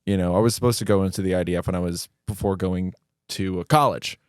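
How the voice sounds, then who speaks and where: Low-voiced young man, rambling storyteller. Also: fairly even intonation, fast talker, dry recording, studio quality. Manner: rambling, profane, self-mocking anecdotes. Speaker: podcast host. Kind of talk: casual chat, storytelling.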